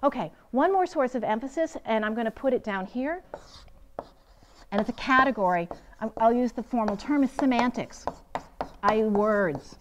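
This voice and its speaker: A woman's voice: fairly high pitch, moderate pace, a little hiss or hum. A woman teaching a writing workshop, lecturing with energy and quizzing her audience as she goes. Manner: lively, asks the audience questions and answers them. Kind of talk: seminar lecture. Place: seminar room.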